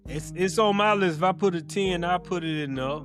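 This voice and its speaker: This podcast co-host's voice sits high and runs a little fast. With faint guitar music in the background, he eagerly recounts movie scenes on a casual chat show, going over the same points more than once.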